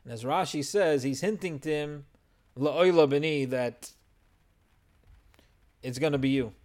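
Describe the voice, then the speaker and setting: A man's voice: on the high side, unhurried, a little mellow. A man teaching a verse-by-verse Torah text study, explaining and translating Hebrew phrases as he goes.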